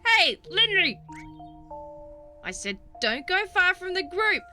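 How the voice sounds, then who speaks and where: A woman's voice: very high voice, sing-song, slow, bright, forceful tone, pitched above the performer's own voice, exaggerated voice. A woman voicing a stern female schoolteacher who scolds children on a class trip, over game music. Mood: scolding. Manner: bossy, scolding.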